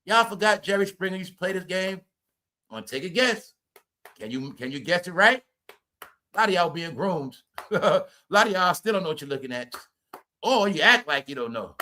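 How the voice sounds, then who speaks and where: A man hosting a profane gossip commentary stream, loud and mocking, repeating phrases and laughing at his own jokes. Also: high voice, lively intonation, normal speed, slight background noise. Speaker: commentary channel host.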